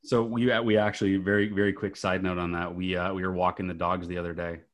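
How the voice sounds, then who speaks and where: A middle-aged man co-hosts a relaxed podcast. His voice sits fairly low, and he tells family stories in a casual, chatty way, laughing often as he goes. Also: fast talker. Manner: laughs often while telling anecdotes. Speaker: podcast co-host. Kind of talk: casual chat.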